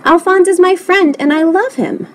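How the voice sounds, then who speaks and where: A woman reading aloud plays an eager young boy in a storybook, earnest and excited. His voice sits high and swings up and down a lot as he pleads and exclaims. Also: moderate pace.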